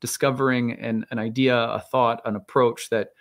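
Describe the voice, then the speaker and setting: A man talks on his own at an ordinary middle pitch, working through his ideas as he goes. He rambles, circles back, and restarts sentences, with plenty of fillers along the way. The delivery stays loose and conversational, like a casual monologue. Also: little pitch movement, normal speed. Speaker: astrologer.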